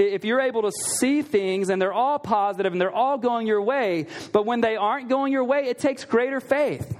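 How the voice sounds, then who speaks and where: With a very high voice, a pastor preaches in a chatty, conversational manner, leaning on rhetorical questions and repeated key lines for emphasis.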